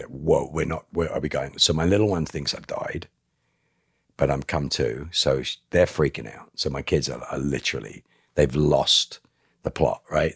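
A man, a podcast guest, telling a personal story in an animated way and acting out other people's lines. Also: extremely low pitch, husky, dry recording, studio quality. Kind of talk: emotional storytelling.

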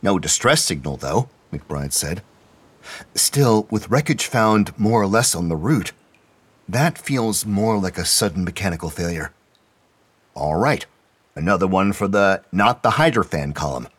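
A man narrating an audio drama and reading all the characters' lines in a steady storytelling manner. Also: deep voice, unhurried, breathy edge.

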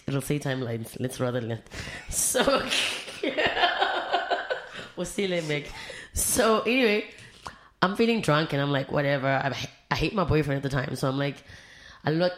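A woman tells a story on a podcast, frank and full of swearing. Her voice sits a little low for a woman, and she talks in a loose, casual way. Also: moderate pace. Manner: frank, profane, lively storyteller. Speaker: guest.

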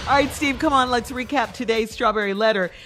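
A woman's voice: fairly high pitch, fairly quick, loud music behind the voice. A woman co-hosting a radio show, setting up the segment and reacting to the host with short quips and laughter.

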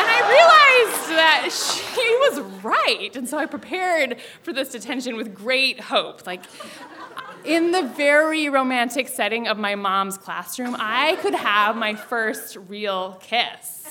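A young woman telling a personal story live, animated and self-mocking, often laughing. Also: high voice, slow, background noise.

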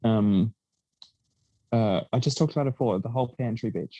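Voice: medium pitch, moderate pace, dark tone, no room sound, highs cut off. A co-host chatting casually, with gossipy, giggly banter. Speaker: podcast co-host. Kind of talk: casual chat.

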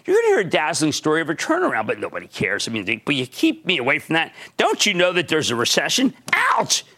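An older man hosting a market show, delivering theatrical stock commentary, swinging from shouts to low asides. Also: huge pitch swings, quick pace.

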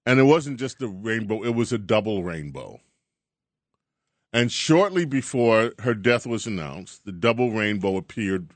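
A man hosting a talk radio show, chatting in an animated, chuckling monologue. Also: on the low side, dry recording. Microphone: studio mic.

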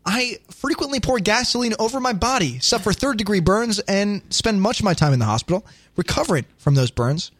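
Animated joking podcast host, man. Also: high voice, fairly quick, dry recording. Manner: animated, jokey, reads news items aloud. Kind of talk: casual comedy podcast chat.

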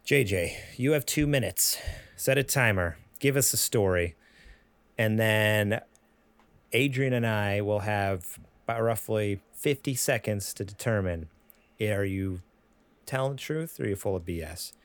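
A man hosting a podcast, joking around in casual chat with frequent halting restarts. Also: on the low side, no echo. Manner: jokey, rambling, halting restarts. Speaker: podcast host.

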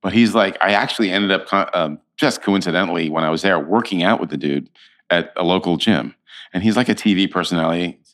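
A man in his fifties, an actor, chatting as an interview guest and telling animated stories. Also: deep voice, fast. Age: 50s. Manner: animated storyteller, acts out quotes. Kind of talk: casual interview chat.

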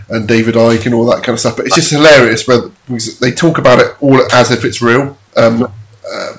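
A man's voice: mid-range voice, slight background noise. A man co-hosting a podcast, chatting casually with many ums and restarts. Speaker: podcast co-host. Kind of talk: casual chat.

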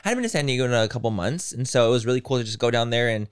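Lively, animated man co-hosting a chat show. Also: medium pitch, rapid-fire, clear, resonant tone. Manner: animated, laughs often, swears casually. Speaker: podcast co-host. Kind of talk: casual chat. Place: studio.

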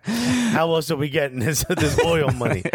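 A man co-hosting a relaxed soccer podcast, his voice sitting a little high. He tells stories in playful slang and acts out what people said. The recording is dry and close-miked. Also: moderate pace, breathy edge, no echo. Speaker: podcast co-host. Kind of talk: casual chat.

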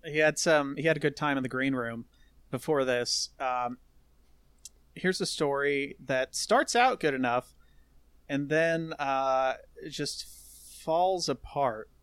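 A man's voice: medium pitch, slow pace, fairly bright tone, smooth, no echo. A man hosting a casual comedy chat, delivering wry, sarcastic commentary. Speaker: podcast host.

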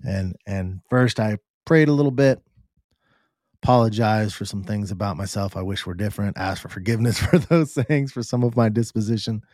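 Earnest, low-voiced man telling a story. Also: a little mellow, dry recording, studio quality. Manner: earnest, halting, with repeated restarts. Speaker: podcast host. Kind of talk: personal storytelling.

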